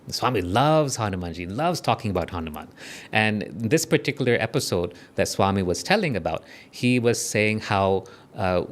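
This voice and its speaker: South African man for a devotional talk, gentle and chatty, lowish voice with a lot of melody. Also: slight background noise. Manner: gentle, conversational, checks in with listeners. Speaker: spiritual speaker leading a meditation. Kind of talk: devotional talk and guided meditation.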